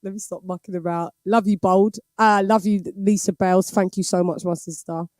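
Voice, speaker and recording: Playful female host of a live-stream chat show, giggly and teasing, mid-pitched voice, dry close sound. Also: fairly even intonation, normal speed, a little mellow, dry recording. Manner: playful and giggly, teasing viewers, drops in Spanish phrases.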